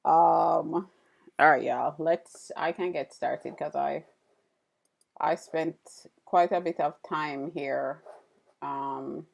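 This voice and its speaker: A chatty woman hosts a relaxed live stream, greeting viewers between tasks. Her voice sits low with a gravelly edge, and she talks at an unhurried, slow pace. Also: muffled recording. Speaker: livestream host. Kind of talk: casual live-stream chat while carving.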